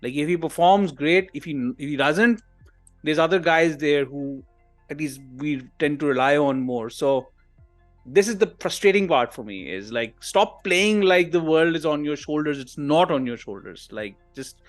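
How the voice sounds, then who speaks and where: A man's voice: fairly high pitch, normal speed, faint music behind. A man on a podcast panel, giving a frank, critical opinion and thinking aloud in casual discussion.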